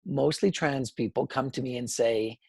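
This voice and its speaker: A Canadian man, an interview guest, telling personal stories in an animated way and acting out quoted dialogue. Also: mid-range voice, moderate pace, vocal fry, slightly rough, no room sound, clean studio sound. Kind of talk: conversational storytelling.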